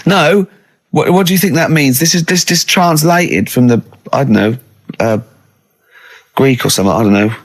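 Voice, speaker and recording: A man hosting a casual radio chat, playful and quick to laugh, explaining things with many restarts. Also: fairly high pitch. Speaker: radio show host.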